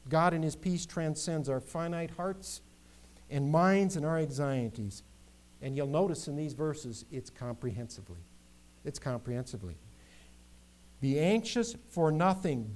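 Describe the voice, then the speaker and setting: A man delivering a sermon, his voice sitting a little high. He lifts and presses hard when he recites scripture, then drops back to plain teaching. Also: darkish tone. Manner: preaching with rising, emphatic quoted scripture. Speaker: pastor.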